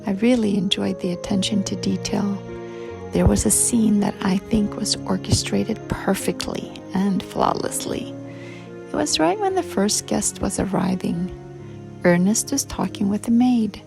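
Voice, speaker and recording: A woman judge giving spoken feedback and praise on student stories in a measured way. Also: medium pitch, creaky, music in the background. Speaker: contest judge.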